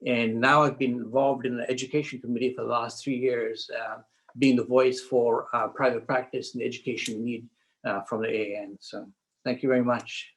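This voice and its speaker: Male panelist, mid-pitched, halting conversational delivery full of fillers. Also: level tone, poor audio. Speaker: panelist neurologist. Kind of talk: panel discussion storytelling.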